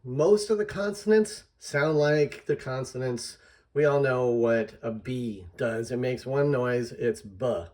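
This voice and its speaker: A man patiently explaining a method in an instructional lesson, slowing down to sound out example words. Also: mid-range voice, darkish tone. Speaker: teacher.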